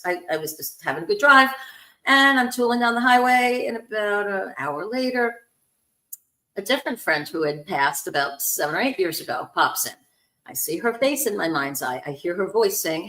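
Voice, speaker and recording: A woman hosting a spiritual talk show, telling a story warmly and acting out the voices in it. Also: medium pitch, moderate pace, echoey room. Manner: animated storyteller, acts out quoted voices. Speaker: host, spiritual medium.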